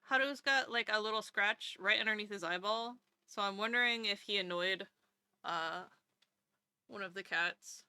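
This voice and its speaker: A woman's voice: medium pitch, normal speed, sharp tone, smooth, dry recording. A woman streamer in casual live-stream chat, talking to her chat and cooing baby talk at her cat.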